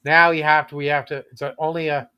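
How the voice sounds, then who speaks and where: Canadian man, casual talker, slightly higher register, quick laughs mid-sentence. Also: level tone, pushed and bright, clear, resonant tone. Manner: chatty, laughs often, restarts sentences. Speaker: chat participant. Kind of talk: casual chat.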